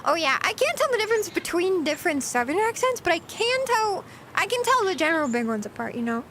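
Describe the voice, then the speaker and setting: Very high-voiced giggly woman streamer. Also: sing-song, fast, a bit bright, slight background noise. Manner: giggly and chatty, reads and answers chat. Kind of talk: casual livestream chat.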